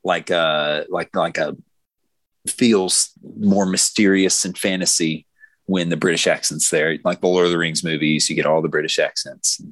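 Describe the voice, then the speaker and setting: A man's voice: low voice, normal speed, dry recording. A man hosting a casual podcast, joking and putting questions to his co-hosts. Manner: joking, lively, asks the questions. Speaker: podcast host.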